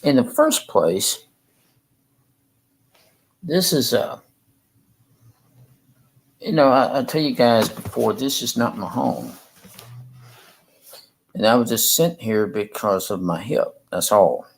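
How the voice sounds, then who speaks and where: A man rambling and halting through a casual livestream chat from a room in a rehab facility. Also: mid-range voice, very animated, creaky, rough recording. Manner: halting, rambling, repeats himself.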